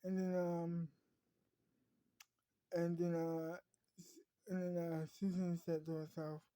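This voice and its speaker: A woman telling an improvised story in a halting way, with many fillers and restarts. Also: fairly low pitch, level tone, mellow, dry recording.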